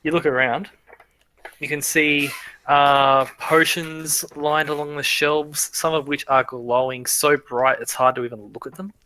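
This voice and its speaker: A man's voice: a little high, level tone, unhurried, pushed and bright. A man narrating a tabletop game as game master, rambling and correcting himself as he goes.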